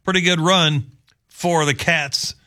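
A man's voice: a little high, fairly even intonation, slow pace, pushed and bright. A male local radio host, chatting casually with rambling asides.

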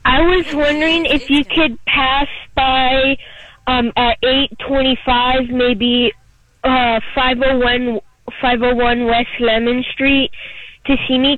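A man's voice: extremely high pitch, dry recording. A young man calling into a show, talking eagerly and rambling about his interests over a phone line. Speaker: caller. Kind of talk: phone call to a live show.

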